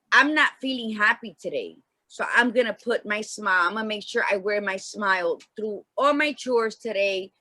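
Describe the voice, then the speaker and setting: Woman co-host, chatty and emphatic storyteller, bright tone. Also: fairly high pitch, dry recording. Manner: long-winded storyteller, emphatic. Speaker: podcast co-host. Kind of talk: casual chat.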